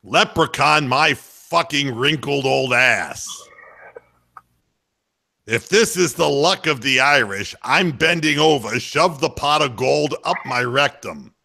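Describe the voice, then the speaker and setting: A man's voice: mid-range voice, takes it slowly, creaky, pushed and bright, pitched above the performer's own voice, heavily acted. A man doing a comic impression of a grumpy old male sports announcer, ranting with bitter, profane lament. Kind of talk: comic impression on talk radio.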